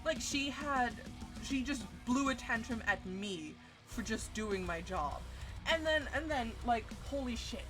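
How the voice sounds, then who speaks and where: A woman streamer telling a story in a casual, animated rant full of swearing, with big jumps in pitch. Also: unhurried. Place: home streaming setup. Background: faint music.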